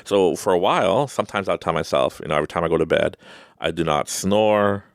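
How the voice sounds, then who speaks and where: A middle-aged man with an extremely deep, gravelly voice tells a personal story on his podcast. His pitch swings widely as he rambles, restarts and laughs. The sound is dry and close. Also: animated, rapid-fire, no echo. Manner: rambling, self-interrupting, laughs often. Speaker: podcast host.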